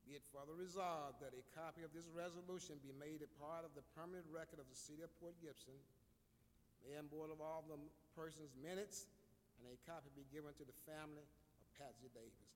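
A man's voice: a little high, fairly even intonation, fast. A man, a city clerk, formally reading a memorial resolution aloud at a funeral. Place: church funeral service. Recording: long hall reverb with faint room noise.

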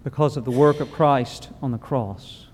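A man preaching a funeral sermon in a church, solemn and measured, with slow pauses. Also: mid-range voice, fairly even intonation, a little mellow. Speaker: pastor. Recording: long reverb of a large hall.

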